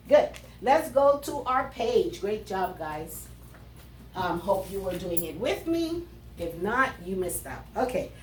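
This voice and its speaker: A woman teaching a third grade class, reading riddles aloud with animated emphasis. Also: medium pitch, takes it slowly, far from the mic. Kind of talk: classroom lesson. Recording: roomy sound from away from the mic, faint ambience.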